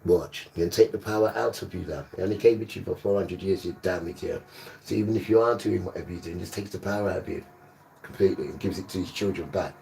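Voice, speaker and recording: Deep gravelly preacher guy on a livestream, repeats himself, scolds people, faint background hum. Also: fast talker, mellow, far from the mic. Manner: emphatic, repetitive, scolding. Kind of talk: livestreamed sermon.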